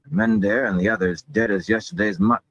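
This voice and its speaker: A man voicing a gruff male mercenary soldier who talks bluntly and wearily. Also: lowish voice, fast, a bit bright, dull audio. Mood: weary.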